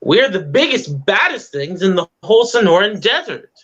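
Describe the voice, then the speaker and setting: A man's voice: high voice, sing-song, normal speed, fairly bright tone, muffled recording, full character voice. Man playing a smug big cactus. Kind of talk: stage play acting.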